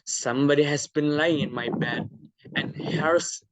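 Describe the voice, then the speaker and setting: A man's voice: a little high, steady tone, a little slow, slight background noise, lightly acted. A man reading as the little wee baby bear. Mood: upset. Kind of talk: storybook read-aloud.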